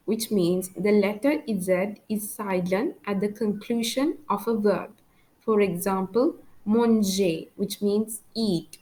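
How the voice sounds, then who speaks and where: A woman's voice: medium pitch, slow pace, mellow, poor audio. A woman teaching a language lesson, saying example words carefully and then explaining them in English.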